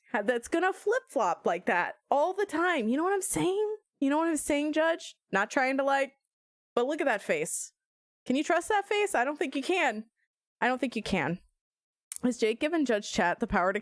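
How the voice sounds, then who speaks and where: A woman streamer playing through a game, talking casually, animated and self-mocking, often laughing. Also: a little high, no echo, studio quality.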